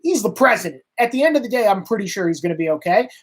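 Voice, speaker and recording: A man's voice: high voice, animated, racing. Exasperated male political commentator. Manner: sarcastic, exasperated; emphatic, repetitive.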